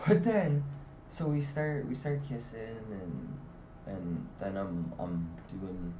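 A man rambles through a raunchy story, swearing freely and jumping into loud, high acted-out quotes. He sits a little off the mic, and the recording sounds dull and lo-fi under a faint hiss. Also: slow pace, recorded from a distance. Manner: rambling, profane, animated, acts out quotes with loud pitch jumps. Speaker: comedy storyteller. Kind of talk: casual storytelling monologue.

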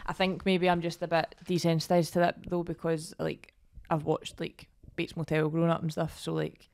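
A woman's voice: sits low, monotone, normal speed, vocal fry, darkish tone. A young woman co-hosting a podcast, chatting casually and often trailing off with "I don't know". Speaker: podcast co-host. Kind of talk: casual chat.

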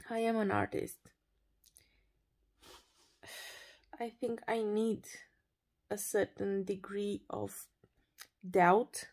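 A woman in her thirties, a radio presenter, talking frankly and loudly in a personal vlog; English is not her first language. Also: medium pitch, gravelly, dry recording. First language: Romanian. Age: 30s. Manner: loud, emphatic and frank.

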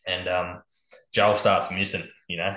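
Laid-back Australian man with a bright voice. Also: low voice, little pitch movement, a little slow, reverberant, low-quality recording. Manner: laid-back, swears freely, laughs through his stories. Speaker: podcast guest. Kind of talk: casual storytelling on a podcast.

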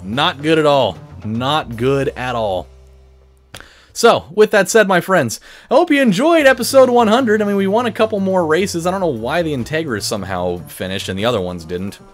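A man with a voice pitched a bit above average rambles through a story as he hosts a let's play. He swears freely and leans on fillers and restarts. Racing game music plays clearly behind him. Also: expressive, fairly quick. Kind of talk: casual gameplay commentary, telling a story. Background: racing game music and engine sounds.

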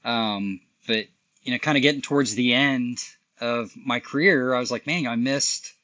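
A man in his forties, a podcast guest, talking in a relaxed, rambling, self-deprecating way. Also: mid-range voice, normal speed. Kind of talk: casual interview chat.

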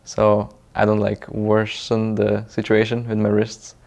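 A man's voice: fairly low pitch, completely flat delivery, measured pace, gravelly, darkish tone. A man, an esports team player, speaking easygoing and matter-of-fact in a documentary interview.

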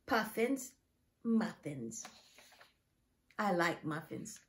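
A woman teacher reading a picture book aloud to preschoolers, asking them questions in an exaggerated, animated way. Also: on the low side, drawn-out words.

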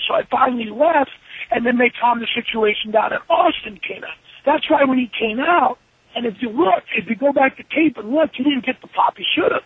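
A man tells stories over a tinny phone line in a very high, gravelly voice. He is profane and animated, and he acts out everyone's lines himself. His voice is raspy and the sound is dry. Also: fairly quick. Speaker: wrestler being interviewed. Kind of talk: profane storytelling interview. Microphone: telephone.

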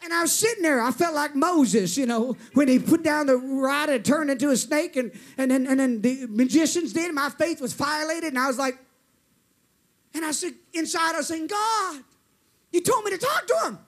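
Animated high-voiced male preacher. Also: normal speed. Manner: animated, laughing, calls for amens. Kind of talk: storytelling sermon.

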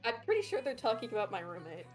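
A woman's voice: mid-range voice, big pitch swings, fast talker, soft background music. A woman streamer chatting and reading a story aloud in a jokey, laughing way.

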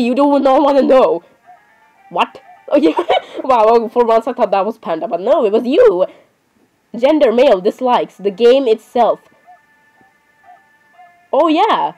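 A woman's voice: fairly high pitch, darkish tone, poor audio. A woman chatting casually while playing a game, often apologizing and saying "literally". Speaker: gamer. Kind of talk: casual gameplay commentary.

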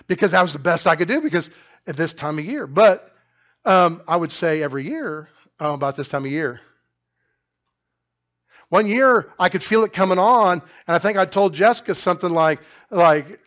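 Middle-aged male pastor, loud emphatic sermon, slightly high voice, muffled lo-fi church recording. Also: expressive, normal speed. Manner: loud, emphatic preaching with frequent restarts. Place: church sanctuary.

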